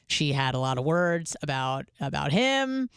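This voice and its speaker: Female radio host, smooth clear voice, dry close sound, candid rambling chatter with fillers and swearing. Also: low voice, sing-song, a little slow, no room sound. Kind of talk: casual storytelling monologue.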